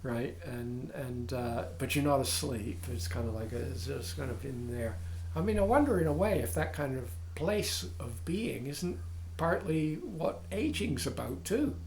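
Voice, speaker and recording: An older man, a dharma teacher, giving a contemplative talk in halting, searching phrases with frequent asides. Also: medium pitch, animated, creaky, darkish tone, roomy sound, a little hiss or hum.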